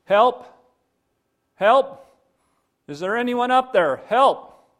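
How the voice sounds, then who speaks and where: A man voicing a desperate man stuck on a cliff, shouting and pleading for help. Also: medium pitch, normal speed, lightly acted. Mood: shouting frantically.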